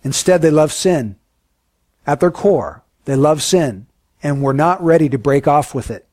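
A man preaching a sermon in an earnest, emphatic way, often dropping to a hushed, solemn tone. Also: on the high side, expressive, unhurried, no room sound, clean studio sound.

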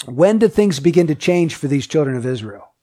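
A man's voice: a little high, animated, moderate pace, mellow. A man preaching a sermon. He reads scripture aloud, asks the listeners many questions, and repeats his points with emphasis. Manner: emphatic and repetitive.

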